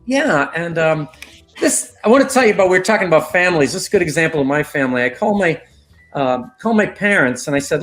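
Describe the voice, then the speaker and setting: A man in his sixties, a guest telling rambling, lively stories in a casual interview. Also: fast talker, faint music behind. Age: 60s. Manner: rambling storyteller with lively pitch.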